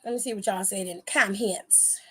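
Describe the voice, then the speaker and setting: A woman's voice: mid-range voice, fairly quick, pushed and bright, husky. A woman casually recapping wrestling for her viewers, sassy, profane and chatty.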